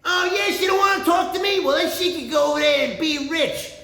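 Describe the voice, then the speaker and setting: A man mimicking a loud, indignant man yelling into a phone, sneering and shouting. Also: very high-pitched, a little fast, vocal fry, voice pushed up, heavily acted. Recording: roomy echo, faint ambience.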